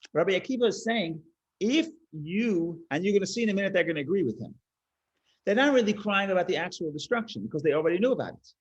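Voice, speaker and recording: High-voiced man teaching a text class. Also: dull audio. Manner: animated explaining, frequent restarts, trails off quietly. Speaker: Torah teacher. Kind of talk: text-study class lecture.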